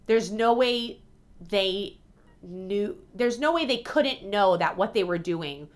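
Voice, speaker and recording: A woman's voice: mid-range voice, lively intonation, slow. Swearing young woman telling a grim story. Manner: profane, storytelling with asides. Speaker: podcast co-host telling a history story. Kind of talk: casual chat.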